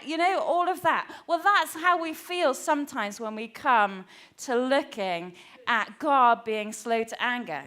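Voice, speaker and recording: Chatty woman preacher, slightly high voice. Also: lively intonation, fairly quick, bright, forceful tone. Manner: chatty and self-deprecating, many fillers. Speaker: pastor. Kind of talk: sermon. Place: church.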